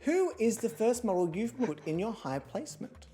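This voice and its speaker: A woman's voice: on the high side, big pitch swings, normal speed, loud music behind the voice. A woman hosting a casual online chat, playful and teasing, full of puns. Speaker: host. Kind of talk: casual chat on a video call.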